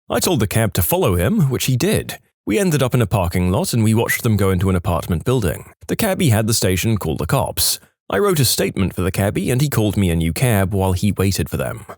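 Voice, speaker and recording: Lively low-voiced male storyteller. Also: no room sound, studio quality. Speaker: story narrator. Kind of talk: scripted narration of online stories.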